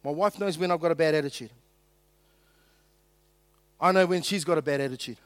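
High-voiced New pastor preaching casually. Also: male voice, a little fast, dry recording. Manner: conversational, joking with the congregation, acting out quotes. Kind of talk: sermon.

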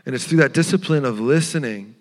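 A man preaching a sermon as pastor, earnest and tender, sometimes dropping to a hushed voice. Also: medium pitch, fairly quick, big-room sound. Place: church sanctuary.

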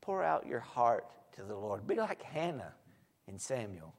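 A man preaching a sermon, swinging from soft asides to loud, emphatic lines. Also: mid-range voice, sing-song, a little slow, vocal fry. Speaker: pastor. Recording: echoey hall.

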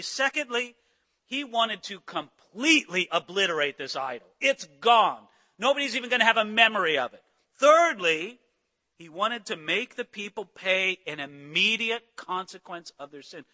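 Guy preaching in a big echoey hall, super bright sharp tone, acts out the characters. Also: sits high. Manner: animated preaching, acting out biblical voices. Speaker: pastor. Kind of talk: sermon.

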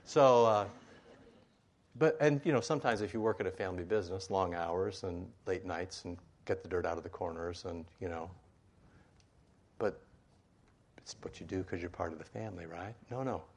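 A man's voice: low voice, moderate pace, long pauses. A man preaching a sermon in a conversational way, with asides and rhetorical questions, in a meeting room with a board.

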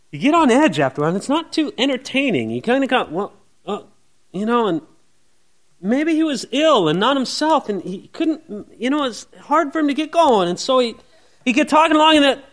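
A male pastor preaches a conversational, verse-by-verse expository sermon, often asking the congregation questions. He acts out quoted voices with big shifts in pitch and loudness.

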